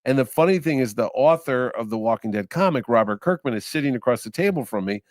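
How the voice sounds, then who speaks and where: A man's voice: medium pitch, fast talker, no room sound, studio quality. A man, a podcast guest who organizes conventions, telling long anecdotes and acting out what people said. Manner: animated, acts out quoted voices.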